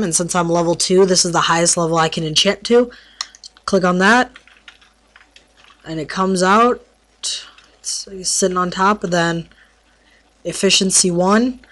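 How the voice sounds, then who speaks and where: A gameplay tutorial narrator in casual commentary, who stumbles over words while explaining and throws in playful trash talk. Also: mid-range voice.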